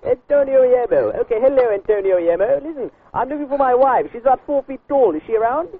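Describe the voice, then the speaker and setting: A man putting on a high, breathy voice as a goofy male prank caller on a phone call. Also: animated, fast talker, heavily acted. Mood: teasing. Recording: tinny phone line.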